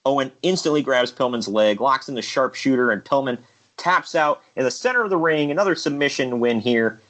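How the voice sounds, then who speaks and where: A man's voice: medium pitch, a little fast, fairly bright tone. A man giving a casual play-by-play recap of wrestling matches in an easygoing way. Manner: easygoing, laughs at his own bits, occasional uh fillers. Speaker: show host recapping a figure wrestling league.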